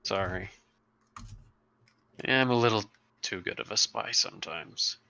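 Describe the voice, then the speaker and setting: A man narrating as game master in a tabletop game, setting scenes slowly and descriptively. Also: lowish voice, creaky, sharp tone.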